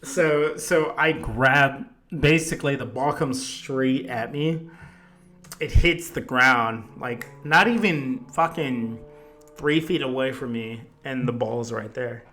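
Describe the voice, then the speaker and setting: A man's voice: medium pitch, slow pace, pushed and bright, faint music behind. A man hosting a podcast, telling a long story in casual chat, swearing constantly and rambling, a bit tipsy. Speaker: podcast host.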